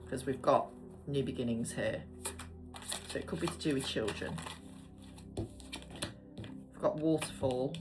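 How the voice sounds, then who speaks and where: A woman giving a casual, chatty tarot reading, murmuring card names and swearing now and then. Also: rumbling low. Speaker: tarot reader.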